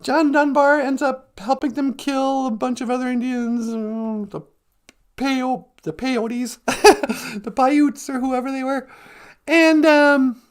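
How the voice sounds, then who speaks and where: A man's voice: very high-pitched, fairly even intonation, takes it slowly, smooth. A man hosting a livestream, retelling a film as a casual, jokey, rambling story with many self-corrections. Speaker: livestream host.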